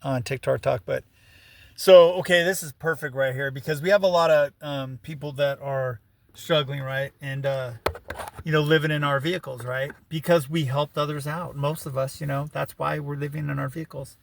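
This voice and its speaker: A man's voice: fairly high pitch, steady tone, normal speed, creaky, slight background noise. A man rambling through a personal story in a casual vlog, full of "you know" and "right", with wry laughing asides. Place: living in his vehicle.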